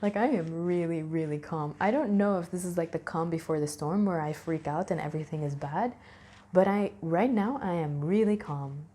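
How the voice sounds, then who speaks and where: Speaking at normal speed in a lowish, mellow voice, a young woman vlogger reflects casually to camera. She rambles candidly, laughs a lot, and frequently corrects herself.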